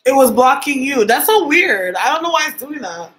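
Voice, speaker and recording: A woman's voice: high-pitched, big pitch swings, moderate pace, fairly bright tone, poor audio. A young woman from Canada chatting casually with viewers on a livestream as a psychic medium host, reading their comments aloud.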